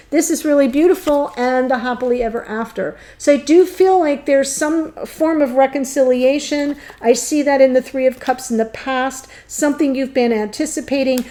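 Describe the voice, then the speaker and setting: A woman's voice: high voice, warm tone. A woman reading tarot cards alone to her viewers, talking in an earnest, flowing way with frequent ums. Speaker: tarot reader. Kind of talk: solo tarot reading to camera.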